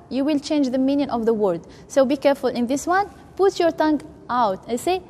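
A woman's voice: sits high, lively intonation, normal speed, mellow. A woman teaching Quran recitation and letter pronunciation, speaking in a patient, step-by-step way and repeating each sound for practice. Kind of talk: slow instructional lesson with demonstrations. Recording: faint room noise, long reverb.

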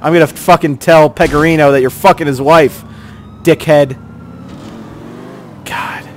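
A man giving gameplay commentary, exasperated and swearing, yelling at the characters on screen. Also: a little high, lively intonation, measured pace, a little hiss or hum. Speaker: let's play host.

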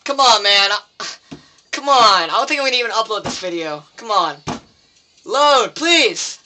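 A man's voice: high voice, expressive, a little slow, pushed and bright, slight background noise. A teenage boy commenting on his own gameplay, swearing and pleading with the game in frustration. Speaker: gameplay video maker.

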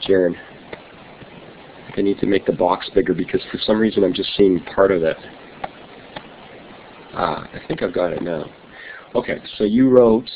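A man's voice: sits low, slight background noise. A middle-aged man teaching a chemistry lesson to an online class, friendly and chatty, reading his notes aloud. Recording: tinny phone-like online class audio.

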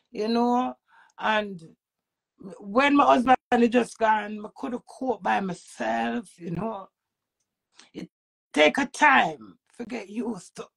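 A woman with a Jamaican accent ranting to camera as a social media personality, emphatic and preachy, swinging between loud outbursts and low muttering. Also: gravelly.

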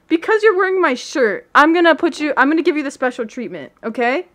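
A young woman giving casual livestream commentary while gaming, excitable and giggly, breaking into squeals and shrieks. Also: very high voice, fairly quick, hardly any pauses. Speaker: gaming streamer.

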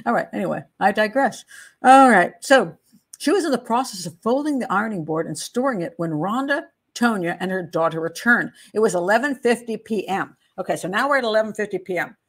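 Middle-aged american woman, true crime host, reads statements aloud, chatty and digressive, average pitch. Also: expressive, a little fast. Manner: chatty and digressive, laughs at own asides. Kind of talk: casual case walkthrough, reading statements aloud.

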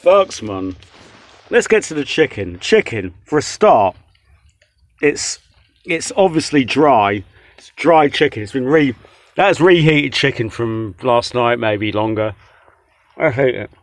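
A man's voice: mid-range voice, lively intonation, takes it slowly, pauses often, no echo. A young man ranting as he reviews a takeaway meal, swearing constantly and rambling in exasperation, recorded indoors on a phone or camera held close. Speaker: vlogger reviewing takeaway food. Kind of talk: casual ranting food review.

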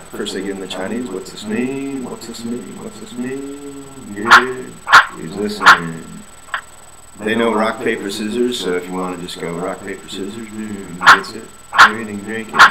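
A man's voice: lowish voice, moderate pace, echoey room, heavy background noise. A man, an English teacher, casually walking through a lesson plan and repeating vowel sounds as a drill.

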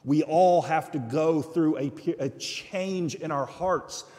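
Fairly high-voiced male preacher in a hall. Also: takes it slowly, mellow. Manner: storytelling, repeats phrases for emphasis. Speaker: guest preacher and missionary. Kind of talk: sermon. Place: church sanctuary. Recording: church livestream with long hall reverb.

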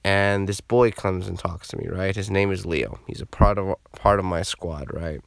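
Smooth low-voiced man telling a profane story. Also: normal speed, no echo. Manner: profane, animated, slangy. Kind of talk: casual storytelling.

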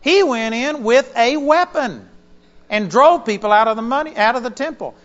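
Male preacher, high and lively delivery, sermon taped live in a church auditorium. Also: moderate pace. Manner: animated storytelling, emphatic. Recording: dull lo-fi sermon recording.

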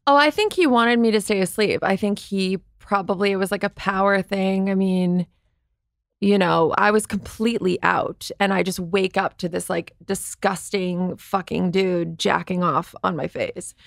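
Her voice is mid-range and gravelly, with fairly even intonation at normal speed, captured in a dry, clean studio recording. As a podcast guest she shares candid stories chattily, peppering them with "like" and voicing other people's lines.

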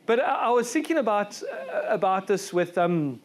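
A South African man preaches from a church stage, his voice sitting notably high for a man. He talks earnestly and conversationally, often restarting and repeating words as he goes. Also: very animated, moderate pace. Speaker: pastor. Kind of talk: sermon. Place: church service.

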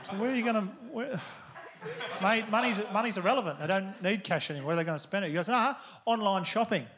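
A man's voice: high voice, fast, a loud crowd. A man with an Australian accent doing a stand-up comedy set, laid-back and laughing through his lines.

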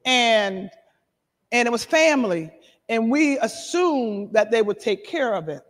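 A middle-aged woman pastor preaching a sermon and giving her testimony, animated, shouting and laughing between lines. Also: fairly high pitch, unhurried. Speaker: apostle and pastor. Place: church sanctuary. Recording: reverberant hall.

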